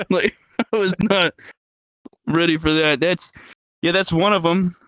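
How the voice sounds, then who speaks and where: A young man telling crude stories in casual chat, laughing often and yelling out the lines he quotes. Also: high-pitched, steady tone, slow, no echo. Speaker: comedian guest. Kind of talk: casual storytelling.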